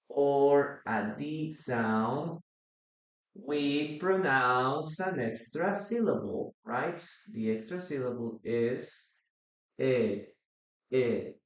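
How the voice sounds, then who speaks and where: A male English teacher leads a live online lesson at an unhurried, deliberate pace. He repeats each word and keeps asking the chat questions. His voice rings with a roomy echo. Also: mid-range voice. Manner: patient, repeats words, quizzes the chat.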